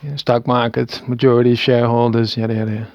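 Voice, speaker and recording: Talking at a quick pace with flat delivery, this medium-pitched, slightly mellow man records his own rambling monologue. He's a Dutch video maker in his thirties from the Netherlands with a Dutch accent, hesitant and stammering through restarts with small chuckles. The recording is dry, with the highs cut off.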